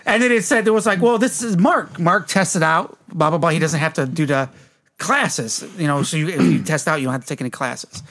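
A man's voice: fairly high pitch, fairly quick, a bit bright. A man from Detroit telling rambling, profane stories in casual chat and laughing as he goes. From Detroit, Michigan. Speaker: podcast co-host. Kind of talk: casual storytelling.

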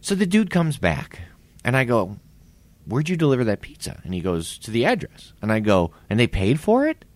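A man's voice: mid-range voice, normal speed, no room sound. A man in his forties telling a workplace story in casual podcast chat, swearing and acting out what people said. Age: 40s. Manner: animated, swearing, acts out quotes. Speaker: podcast co-host.

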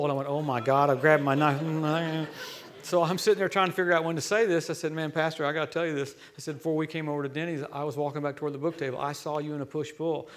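Male guest preacher, slightly high voice, lively storyteller. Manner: storytelling, animated and joking, swings loud to hushed. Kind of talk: sermon. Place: church.

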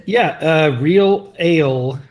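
A man co-hosting a casual chat, relaxed and dropping brief remarks with fillers. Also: on the high side, takes it slowly. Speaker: podcast co-host.

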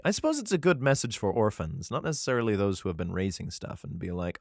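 A man's voice: on the low side, sing-song, fast talker, vocal fry, hardly any pauses, dry recording, studio quality. A man reading Bible verses aloud in a solemn tone, breaking off for irreverent, profane comic commentary. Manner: mixes solemn archaic reading with crude jokes; laughs often, profane. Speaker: scripture reader and commentator.

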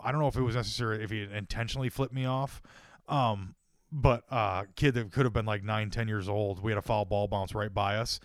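A man's voice: fairly low pitch, steady tone, a little fast, no echo, studio quality. A man co-hosting a podcast, telling crude, joking stories in casual chat and laughing often. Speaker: podcast co-host.

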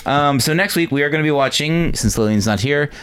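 A man co-hosting a casual movie podcast, talking in a dry, deadpan way. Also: on the high side, fairly quick, clean tone. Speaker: podcast co-host.

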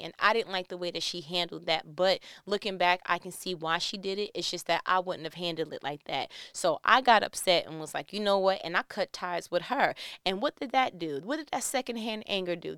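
Middle-aged woman host, lowish smooth voice, earnest, swings to loud emphatic bursts, dry close sound. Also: dry recording. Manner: earnest, builds to loud animated emphasis with laughter. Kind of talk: reflective motivational talk.

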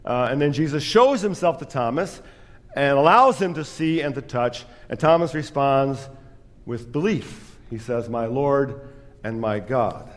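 A man's voice: a little high, lively intonation, measured pace, in a large hall. A man preaching a sermon as pastor, telling a story with self-deprecating humor.

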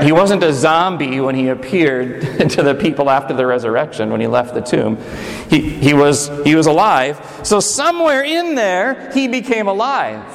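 Pastor guy preaching, voice kinda high, big echoey church hall ringing behind him. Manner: animated, swings between high urgent and low intimate delivery. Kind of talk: sermon.

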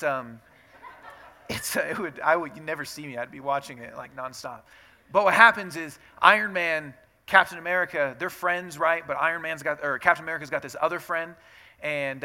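A man preaching a sermon with a bright, forceful voice pitched a little high. He talks to the congregation in an easy, conversational way, then swells into loud, emphatic stretches. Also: gravelly. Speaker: pastor.

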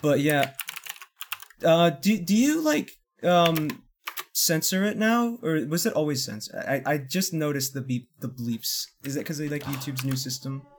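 A young man in casual podcast chat, excitable and stammering, laughing often. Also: a little high, a little slow, slight background noise. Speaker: podcast co-host.

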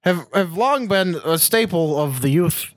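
A man voicing a cranky old man who rambles slowly and flies into shouting tirades, as comedic improv on a podcast. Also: sits high, animated, no echo. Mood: pompous. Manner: slow, gravelly, blows up in shouting tirades.

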